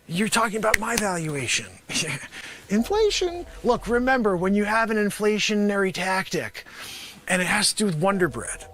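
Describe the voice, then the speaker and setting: Animated, sarcastic man riffing a pitch. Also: moderate pace. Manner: sarcastic, rambling, talks to an imagined panel. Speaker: comedian performing a pitch. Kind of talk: improvised comedy monologue.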